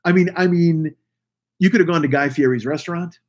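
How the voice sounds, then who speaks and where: This man's voice is on the high side and a little fast. Hosting a live stream podcast, he greets his viewers through a webcam mic, chatting loosely and swearing casually as he rambles.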